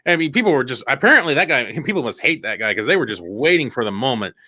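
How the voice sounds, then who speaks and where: A man rambling through a casual podcast chat, swearing freely and laughing often. His pitch jumps around a lot and his voice is bright, with a dry, close sound. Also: sing-song, quick pace, dry recording. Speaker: podcast co-host.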